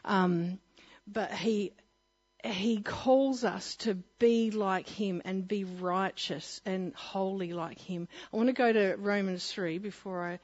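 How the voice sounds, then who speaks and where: A woman with a husky, breathy voice shares a personal testimony before turning to Bible teaching. She talks in a chatty, storytelling way, full of laughs and fillers. The recording sounds dull and lo-fi. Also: mid-range voice, fairly even intonation, takes it slowly, darkish tone.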